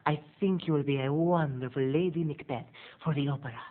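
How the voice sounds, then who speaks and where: A man's voice: on the high side, brisk, close to an everyday voice. A man voicing a glamorous, pushy female theater agent, grand and melodramatic, on a tinny lo-fi recording. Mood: coaxing.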